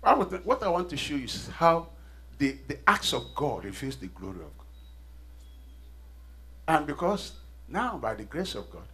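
A man's voice: on the high side, big pitch swings, moderate pace, long pauses, bright, forceful tone, slightly rough. A middle-aged man preaching a sermon, leading call-and-response and repeating phrases with rising intensity. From Nigeria. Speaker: pastor.

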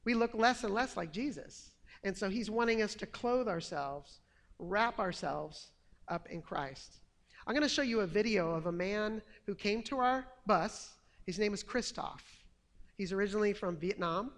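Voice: mid-range voice, normal speed, long reverb tail. A preacher giving a conversational sermon. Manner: conversational, reading a quote aloud.

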